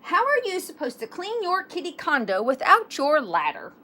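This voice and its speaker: A woman's voice: high-pitched, wildly swooping pitch, normal speed, bright, forceful tone, pitched above the performer's own voice, full character voice. A woman voicing a fussy mother cat who speaks emphatically and dramatically. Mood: scolding.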